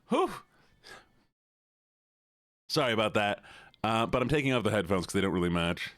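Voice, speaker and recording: Male streamer, playful and giggly, swinging pitch, dry close sound. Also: lively intonation, moderate pace, fairly bright tone, no room sound. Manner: playful, laughs often, thanks viewers. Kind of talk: casual livestream chat.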